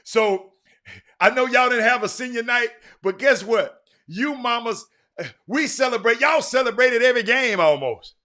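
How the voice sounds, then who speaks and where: Bright-voiced man hosting a livestream. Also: very high voice, moderate pace. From Houston, Texas. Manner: chatty, talks to viewers by name, frequent restarts. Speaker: livestream host. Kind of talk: casual livestream chat reading viewer comments.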